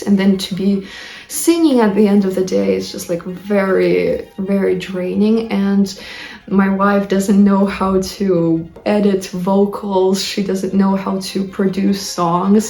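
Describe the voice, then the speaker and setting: A woman's voice: mid-range voice, creaky, a little mellow. A woman in her early twenties, an English teacher, candidly telling a personal story in an emotional, rambling way full of fillers. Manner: emotional, rambling, heavy use of "like". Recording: roomy echo with faint music behind.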